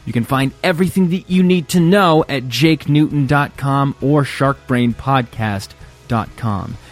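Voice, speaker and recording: A man's voice: medium pitch, unhurried, faint music behind. A man hosting a podcast, giving a joking, self-mocking solo outro. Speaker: podcast host.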